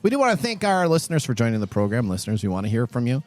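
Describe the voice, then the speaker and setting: A man hosting a tech podcast, chatting casually, animated, laughing often. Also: medium pitch, racing, dry recording. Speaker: podcast host. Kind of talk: casual chat.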